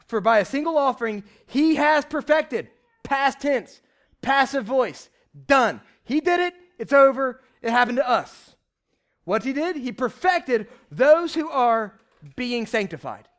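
A young man preaching a lively, conversational sermon from a church stage, shouting at times for emphasis. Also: very high-pitched, unhurried. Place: church stage before a congregation.

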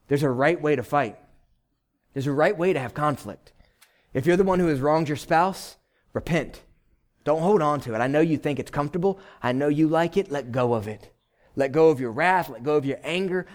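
A male pastor preaching a sermon in a conversational but emphatic way, exhorting the congregation in short repeated phrases. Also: on the high side. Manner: conversational, checks in with "right?".

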